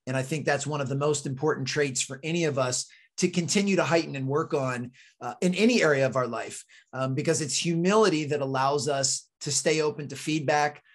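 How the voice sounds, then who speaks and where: Guy in his 40s guesting on a podcast, kinda higher voice, earnest and encouraging. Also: brisk. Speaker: author and guest. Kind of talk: interview answer.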